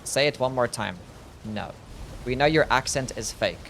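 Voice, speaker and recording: A man's voice: medium pitch, normal speed, vocal fry, fairly bright tone, a little hiss or hum. A young man streaming a video game, chatting casually, swearing freely and answering his chat. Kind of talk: casual gameplay commentary. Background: game music.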